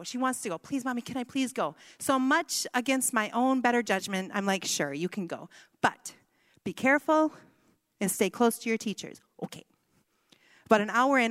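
A woman's voice: on the high side, dry recording, big-room sound. A woman in her thirties telling a personal family story, with self-deprecating humor and quoted dialogue. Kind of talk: personal testimony talk.

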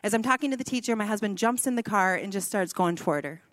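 A woman's voice: medium pitch, fast talker, a bit bright, no room sound, long reverb tail. A woman in her thirties telling a personal family story, with self-deprecating humor and quoted dialogue. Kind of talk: personal testimony talk.

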